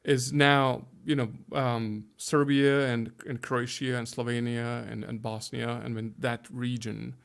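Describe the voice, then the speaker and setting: This Hungarian-accented pastor in his fifties answers interview questions carefully, frequently restarting as he hunts for English words. His medium-pitched voice is level and smooth with vocal fry, a little slow, and has hardly any pauses.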